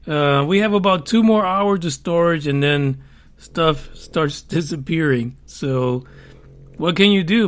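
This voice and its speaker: A man hosting a solo podcast, talking casually with wry asides and lots of fillers. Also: on the high side. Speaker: podcast host.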